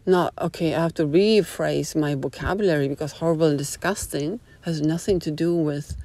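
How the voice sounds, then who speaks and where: A woman's voice: sits low, normal speed, warm tone. A woman hosting a casual talk, rambling on with dramatic groans of disgust. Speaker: host. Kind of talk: casual monologue.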